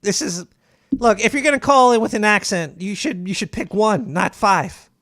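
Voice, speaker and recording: A man's voice: high-pitched, moderate pace, a bit bright, no room sound, studio quality. A man hosting a comedic call-in radio show as a paranoid cartoon rat, rambling and stumbling over his words as he reads emails. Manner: rambling, stammers and restarts while reading emails.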